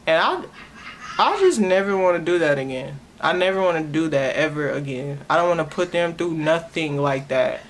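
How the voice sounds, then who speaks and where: A woman's voice: deep voice, expressive, moderate pace, a little hiss or hum. A young woman, hosting her own podcast and sharing a personal testimony in an earnest, emotional way, often stopping and restarting her words. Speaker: podcast host.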